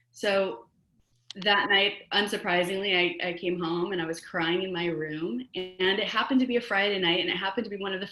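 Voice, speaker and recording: A woman rabbi recounts a personal story as an interview guest, earnest and reflective with touches of gentle humor. Her voice is bright and clear. The room around her rings with a noticeable echo. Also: mid-range voice.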